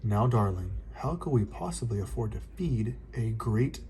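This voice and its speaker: A man's voice: fairly low pitch, lively intonation, moderate pace, background noise. A man reading as a patient, soothing mom. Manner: soothing, reasonable. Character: kind patient mother, gently refusing.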